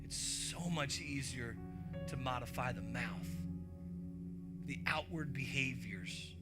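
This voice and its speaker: A man preaching a sermon in an animated, playful way, often asking the congregation questions. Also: medium pitch. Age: young adult to middle-aged. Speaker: pastor. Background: music.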